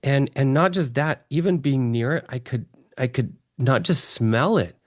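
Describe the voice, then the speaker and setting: A man from Texas telling his story as an interview guest, earnest and excitable, often restarting his phrases. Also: medium pitch, a little slow, no echo, studio quality. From Texas, USA.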